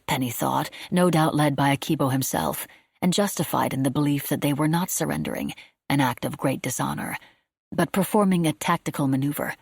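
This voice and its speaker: A woman reading a wartime novel aloud as an audiobook, in a steady, measured storytelling manner. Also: deep voice, vocal fry, slightly rough, dry recording, clean studio sound. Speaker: audiobook narrator. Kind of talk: scripted audiobook narration.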